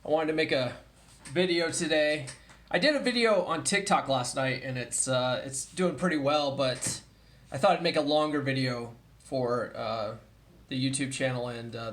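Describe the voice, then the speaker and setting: A young man with a fairly high-pitched voice tells a story in a relaxed vlog. He talks casually and curses often, with plenty of fillers and restarts. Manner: casual, profane, chatty with many fillers; mimics others in a raised voice when quoting them. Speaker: vlogger.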